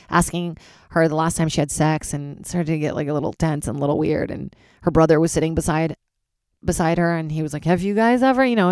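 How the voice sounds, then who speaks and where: A woman stand-up comedian hosting her own podcast, rambling and swearing in casual chat, jumping into sudden high excited voices. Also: creaky, no room sound, studio quality.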